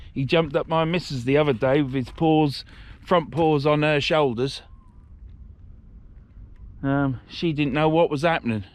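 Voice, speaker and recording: A middle-aged man, filming himself outdoors on a riverside shore. His voice sits a little high, and he rambles and grumbles bluntly, swearing as he goes. Casual, unscripted vlog talk into a handheld camera. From England. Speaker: fishing vlogger.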